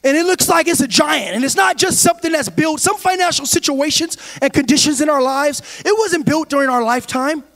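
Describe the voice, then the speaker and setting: High-voiced man preaching a sermon. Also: a little fast, few pauses. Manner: preaching with swings from quiet to shouting and sing-song cadence. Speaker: pastor. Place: church sanctuary.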